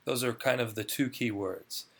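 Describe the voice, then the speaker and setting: A clinical research guest in a conversational interview earnestly explains his job, often repeating words as he starts a thought. His voice is medium-pitched, gravelly and slightly rough, at normal speed.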